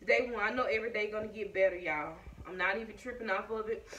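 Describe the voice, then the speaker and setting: A woman's voice: medium pitch, quick pace, a bit bright, lo-fi sound. Woman vlogger, chatty and winded, talking to camera at home, faint background hiss. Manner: chatty, addresses viewers as y'all. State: short of breath. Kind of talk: casual chat to viewers. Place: at home indoors.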